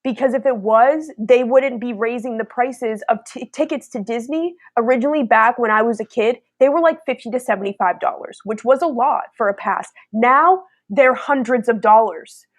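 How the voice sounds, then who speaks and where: Young woman, kinda high voice, ranting and cussing, does mocking little impressions, super dry close sound. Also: moderate pace, hardly any pauses, no room sound. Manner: blunt, profane, animated, mocking impressions. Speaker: host. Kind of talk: casual spiritual chat.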